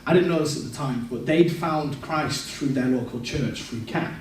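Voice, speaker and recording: A man's voice: medium pitch, normal speed, slight background noise. A man giving a candid personal testimony in a church service, telling his story and acting out what he said back then. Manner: candid, storytelling, quotes his past self. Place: large echoey church hall. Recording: echoey church hall, distant mic.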